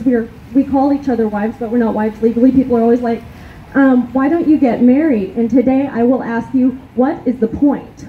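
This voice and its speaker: Angry woman giving a rally speech. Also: high-pitched. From East Texas. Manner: angry, emphatic, repeats her points. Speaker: rally speaker. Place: outdoor rally. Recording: tinny, narrow, lo-fi sound with faint hiss.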